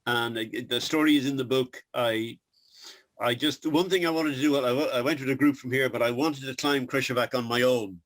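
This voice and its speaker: A man with an Irish accent, a guest telling his story over a video call in a halting, earnest way. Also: mid-range voice, fairly even intonation, a bit bright, dry recording. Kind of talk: casual interview on a video call.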